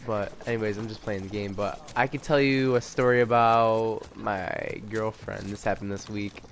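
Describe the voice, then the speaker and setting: A young man rambling through a casual story while commenting on gameplay, halting and restarting, with sudden shouts at the game. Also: lowish voice, fairly even intonation, vocal fry, a little hiss or hum. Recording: loud game gunfire under the voice. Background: game gunfire and explosions.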